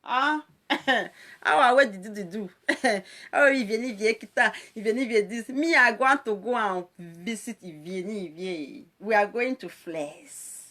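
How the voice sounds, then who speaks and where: A social media presenter with a Nigerian Pidgin English accent delivers a casual live-stream monologue in a medium-pitched voice at a slightly slow pace. She's playful and animated, laughing and exclaiming often.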